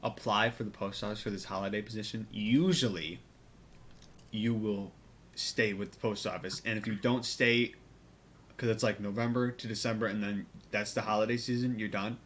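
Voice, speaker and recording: A man's voice: lowish voice, steady tone, moderate pace, fairly bright tone, slight background noise. A young man co-hosting a casual podcast, joking and talking loosely with a lot of fillers. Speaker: podcast co-host. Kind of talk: casual chat.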